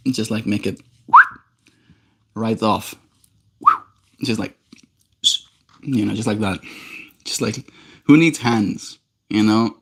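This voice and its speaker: A man's voice: lowish voice, lively intonation, measured pace, long pauses, breathy edge. A young man livestreaming, chatting casually with viewers and reading their comments in a playful, teasing way. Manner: playful, teasing, drifting into silly put-on voices and quiet mumbles. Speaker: daily livestreamer.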